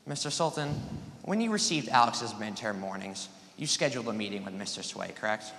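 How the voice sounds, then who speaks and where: With a lowish, slightly bright voice, lively intonation and a somewhat quick pace, a teen questions a witness in a mock trial. He presses hard with leading questions and cuts the witness off for yes-or-no replies; the echoey room carries a long reverb.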